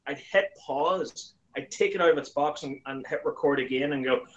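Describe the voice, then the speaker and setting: Animated man telling stories. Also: normal speed, few pauses, muffled recording. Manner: animated storyteller, acts out quoted lines in a higher voice. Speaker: YouTuber guest. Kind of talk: casual chat.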